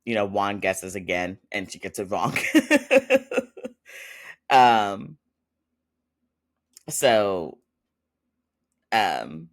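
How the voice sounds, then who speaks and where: Guy podcaster doing a casual episode recap, kinda low voice, rambly, lots of ums and little laughs. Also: big pitch swings, drawn-out words, long pauses. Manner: chatty, rambling, with frequent fillers and little laughs. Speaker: podcast host.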